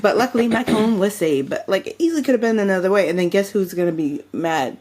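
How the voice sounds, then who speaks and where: Young woman, podcast co-host, casual chat, lively storytelling, mid-pitched voice. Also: fast talker. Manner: animated storytelling, acts out quotes in a higher voice.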